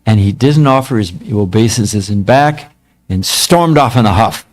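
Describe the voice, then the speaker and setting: A man's voice: fairly low pitch, animated, unhurried. A man in his seventies, a monk giving a spiritual talk, telling stories from his past in a casual, self-mocking way. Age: 70s.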